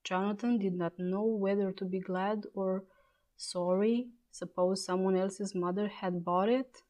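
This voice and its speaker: A woman reading a children's story aloud in a clear, measured way. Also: medium pitch, steady tone, dark tone.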